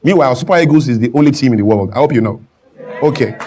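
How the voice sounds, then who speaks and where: A man's voice: mid-range voice, expressive, racing, warm tone, slight background noise. A man from Nigeria giving an impassioned, rhetorical talk-show speech in a studio, stressing his points and sometimes mimicking broken English. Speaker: guest speaker. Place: television studio with a clapping audience.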